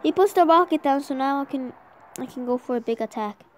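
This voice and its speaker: A woman giving excited live gameplay commentary while she has a sore throat from an oncoming cold. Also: high voice, a little fast, a little hiss or hum. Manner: excitable, urging the game on aloud. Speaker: gamer.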